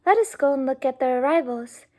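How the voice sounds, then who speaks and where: Gushing young lady voiced by a woman, breathless exclamations, high voice, mellow tone. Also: lively intonation, a little fast.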